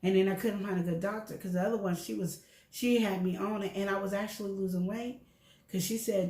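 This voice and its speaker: A middle-aged woman co-hosts a show, speaking candidly about her health in a casual chat and acting out dialogue as she animatedly tells stories. Her voice is medium-pitched and a little fast, with a roomy sound.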